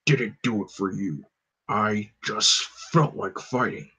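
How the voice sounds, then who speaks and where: Hulk, deep monotone brute, as a man puts him on. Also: takes it slowly, breathy edge, heavily acted. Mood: blunt. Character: huge gruff green male brute, blunt. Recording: slightly dull lo-fi recording.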